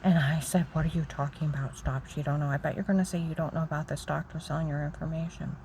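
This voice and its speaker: A woman telling a long, rambling, agitated story about her own grievances, repeating herself and acting out other people's shouting. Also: low-pitched, steady tone, quick pace, a little hiss or hum, rough recording. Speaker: storyteller recounting personal grievances. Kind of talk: rambling personal monologue.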